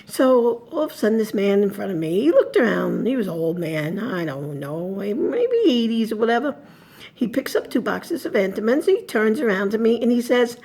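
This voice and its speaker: A woman's voice: mid-range voice, expressive, normal speed, warm tone, husky. A woman telling a personal story as spoken oratory, chatty and rambling, correcting herself as she goes.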